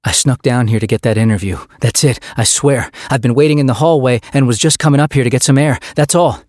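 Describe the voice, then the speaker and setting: A man's voice: medium pitch, flat delivery, a little fast, darkish tone, no room sound, studio quality, pitched above the performer's own voice, lightly acted. Man voicing a flustered young reporter. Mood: pleading. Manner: pleading, flustered. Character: nervous young male student reporter.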